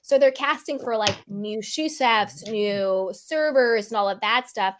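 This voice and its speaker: A woman's voice: mid-range voice, measured pace, fairly bright tone. A woman hosting a casual chat about reality TV, talking animatedly and acting out her own reactions in playful quoted voices. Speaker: host.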